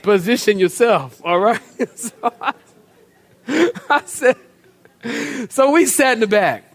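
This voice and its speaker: A man's voice: high-pitched, expressive, slow. A middle-aged man preaching a humorous, storytelling sermon in a church, often repeating words as he goes. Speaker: pastor.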